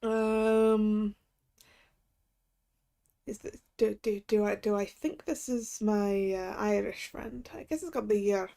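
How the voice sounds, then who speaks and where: A woman's voice: mid-range voice, steady tone, slow, gravelly, dark tone. A woman streaming a story game, chatting and laughing at herself while working out character voices. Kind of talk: game playthrough, reading voices aloud.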